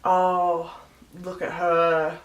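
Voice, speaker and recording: A woman's voice: on the low side, monotone, drawn-out words, highs cut off. A woman reenacting, in a mocking tone, a pushy man making unwanted advances. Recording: roomy echo.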